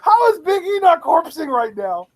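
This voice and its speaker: A man co-hosting a live wrestling reaction chat, excitable, rambling and laughing often. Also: very high-pitched, moderate pace, no room sound, low-quality recording. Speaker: co-host of a wrestling reaction show.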